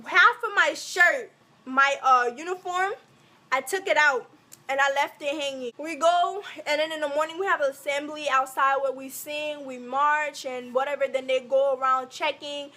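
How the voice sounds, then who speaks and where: Young woman from africa doing a storytime vlog, high voice, acts out everyone. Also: normal speed. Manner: animated, acts out every quote. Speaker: vlogger.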